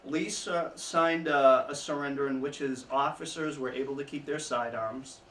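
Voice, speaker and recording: A man giving an informal history talk to an audience, telling the story with chuckling asides and lively emphasis. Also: mid-range voice, moderate pace. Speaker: history speaker. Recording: echoey room, mic at a distance, faint background noise.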